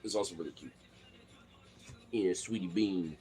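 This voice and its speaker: A man chatting casually and baby-talking to his cat, jumping into a high squeaky pet voice. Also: a little slow, dark tone, soft background music.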